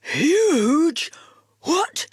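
A woman voicing an excitable, eager young male dog in a storybook. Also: mid-range voice, takes it slowly, breathy edge, no echo, clean studio sound, heavily acted. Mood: excited.

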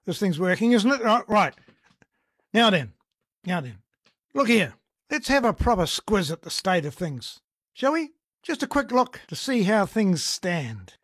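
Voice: mid-range voice, sing-song, normal speed, fairly bright tone, no echo, studio quality. A speaker with a New Zealand accent voicing a stiff, earnest male political candidate who gives a folksy, blustering stump speech.

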